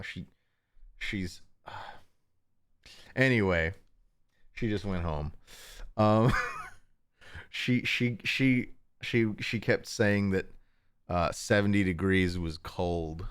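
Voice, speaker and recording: A young man chats casually to his livestream audience from home. His voice sits on the low side, and he rambles, chuckles often and trips over his own restarts. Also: very slow, long pauses, clean tone, no echo. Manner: rambling, chuckling, self-interrupting. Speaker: livestream host.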